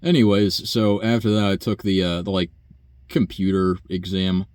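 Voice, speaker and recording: A man's voice: sits low, flat delivery, normal speed, a little mellow, clean tone, dry recording. A young man, a nursing home worker, telling a long profane story in a rambling, sighing way. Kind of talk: casual rant monologue.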